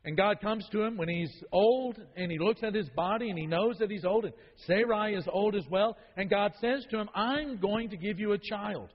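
Emphatic preacher in a reverberant hall. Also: male voice, high voice, moderate pace, hardly any pauses. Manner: emphatic, repeats key phrases for weight. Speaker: Bible study teacher. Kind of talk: sermon-style Bible teaching. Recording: dull lo-fi sound with long hall reverb.

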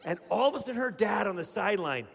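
A middle-aged man preaching a sermon as pastor, telling stories in an animated way and acting out voices. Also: high-pitched, fast, vocal fry, slightly rough, in a large hall. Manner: animated storyteller, acts out voices.

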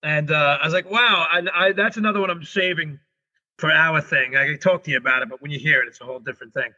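A middle-aged man, a guest on an interview show, telling a story in a rushed, animated way and often restarting his sentences. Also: fairly high pitch. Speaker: guest, comedian and paranormal investigator. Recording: dull lo-fi recording.

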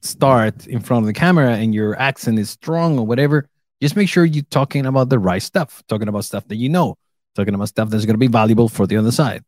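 A man in his thirties, an English speaker, chatting casually as co-host, relaxed and laughing often. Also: medium pitch, fast talker, no room sound. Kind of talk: casual chat.

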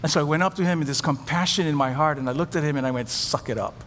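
A man's voice: on the high side, racing, fairly bright tone, big-room sound, a little hiss or hum. A middle-aged man preaching a sermon as pastor, telling stories with animation and acting out the voices of the people he quotes.

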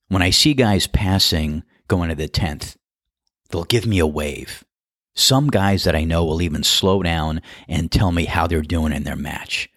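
A middle-aged man hosts a podcast and tells stories in a relaxed, chatty, amused way. His voice is very low. It is recorded on a close mic in a dry, dead space. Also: no echo. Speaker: podcast host and golf course starter. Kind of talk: storytelling monologue.

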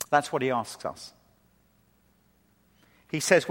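A man preaching a sermon who speaks with lively emphasis and slows into a hushed, measured tone when leading a prayer. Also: on the high side. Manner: lively delivery, drops to a slow hushed tone for prayer. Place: church hall. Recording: reverberant hall.

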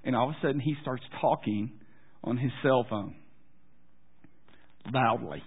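A male pastor tells a story from the pulpit in a loose, self-deprecating way, often stopping to restart his sentences. His voice sits at a middle pitch, a little husky, and the recording sounds thin, like a phone line. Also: measured pace. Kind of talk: storytelling sermon.

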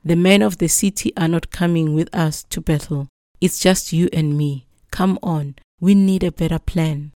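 A woman's voice: deep voice, fairly even intonation, normal speed, warm tone, no echo, studio quality, lightly acted. Woman voicing a panicked young servant. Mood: pleading. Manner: pleading, anxious. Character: panicked male servant of a prophet.

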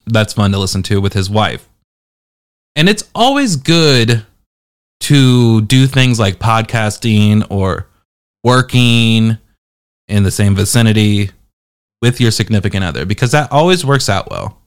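Teasing man with a lively, bouncy voice. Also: on the low side, measured pace, clear, resonant tone. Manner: sarcastic, teasing, jumpy delivery. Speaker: podcast reviewer host. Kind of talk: casual podcast review chat.

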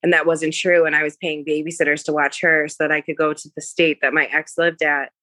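A woman's voice: low-pitched, level tone, brisk, pushed and bright, dry recording. A woman in her thirties, a podcast guest telling her personal recovery story in an earnest, confessional way. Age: 30s.

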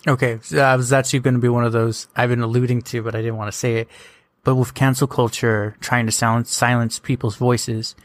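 A man's voice: mid-range voice, level tone, brisk, dry recording. A man hosting a casual podcast, asking questions with self-deprecating asides. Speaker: podcast host.

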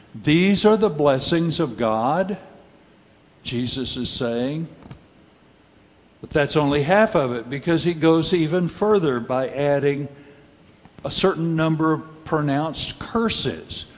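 A man preaching a sermon as pastor, measured and rhetorical, with dry, wry asides and pointed questions to the congregation. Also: fairly high pitch. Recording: long hall reverb.

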